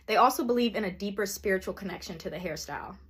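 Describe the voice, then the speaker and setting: A woman with a medium-pitched voice reads an informative history segment. Her delivery stays even and scripted. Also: quick pace, breathy edge. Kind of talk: scripted narration.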